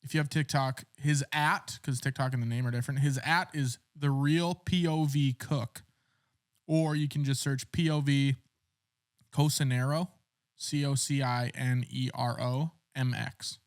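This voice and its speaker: A man co-hosting a casual podcast, making deadpan jokes. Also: mid-range voice, a little slow. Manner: joking, deadpan quips. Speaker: podcast co-host. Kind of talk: casual chat.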